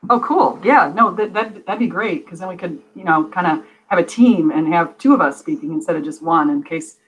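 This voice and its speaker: A woman's voice: lowish voice, brisk, husky, muffled recording. A woman on a casual chat as a guest, rambling and laughing often. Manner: giggly, rambling.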